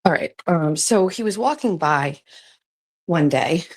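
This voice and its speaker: A woman's voice: fairly low pitch, expressive, a little slow. A woman hosting a show, telling a casual story to her viewers, chatty and swearing freely and often breaking off to talk to others in the office. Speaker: show host. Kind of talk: casual storytelling to a live audience.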